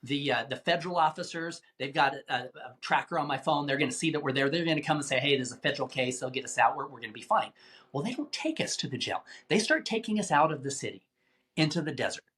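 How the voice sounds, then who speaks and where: A middle-aged man, a podcast guest, recounting a tense rescue mission in vivid, animated storytelling with acted-out quotes. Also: fairly high pitch, fast talker. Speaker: guest, anti-trafficking rescuer. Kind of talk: dramatic storytelling in a podcast interview.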